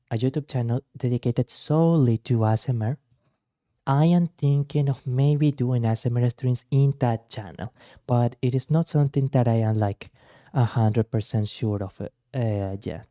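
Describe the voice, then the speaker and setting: Male VTuber host, unhurried and polite, very warm dark timbre. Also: mid-range voice, no room sound, clean studio sound. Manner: soft-spoken, slow and somewhat formal phrasing. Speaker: VTuber streamer. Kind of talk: casual stream reaction.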